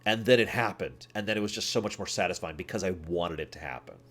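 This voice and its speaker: A man streaming, chatting casually with his viewers in a rambling, animated way, often laughing and acting out scenes. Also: low voice, quick pace. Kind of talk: casual chat with live chat.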